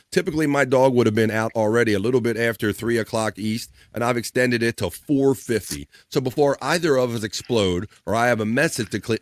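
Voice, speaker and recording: A man's voice: lowish voice, no echo. A man hosting a long live stream in a chatty radio style, reading out viewer check-ins.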